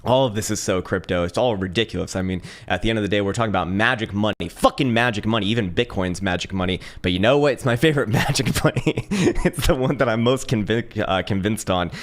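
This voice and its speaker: A man's voice: lowish voice, quick pace. A man hosting a casual crypto live stream, swearing and laughing as he banters and reads viewer comments aloud. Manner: profane, laughing, excitable banter.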